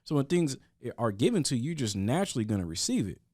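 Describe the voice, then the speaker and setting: A man's voice: mid-range voice, big pitch swings, quick pace, darkish tone, husky, no room sound, studio quality. A man talking earnestly in a casual podcast discussion, often restarting his sentences. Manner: earnest, with frequent restarts and stammers.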